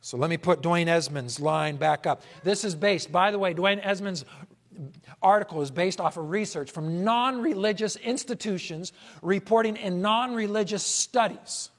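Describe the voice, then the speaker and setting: Emphatic preacher man, loud then hushed. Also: high voice, moderate pace. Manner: asks rhetorical questions. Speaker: pastor. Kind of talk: sermon.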